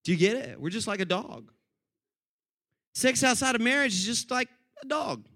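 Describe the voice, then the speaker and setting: A man preaching a sermon to his congregation, animated and addressing them directly. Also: very high voice, normal speed. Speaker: pastor.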